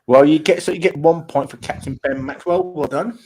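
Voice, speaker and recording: A man's voice: on the high side, brisk, background noise. A man hosting a casual trivia quiz and teasing the players. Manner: joking, teasing. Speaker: quiz host.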